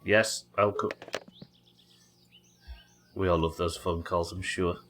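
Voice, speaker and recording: A man's voice: sits low, fairly even intonation, takes it slowly, background noise. A man chatting casually and joking while he plays a game on a live stream. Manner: chatty, joking, swears freely. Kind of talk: casual gameplay commentary.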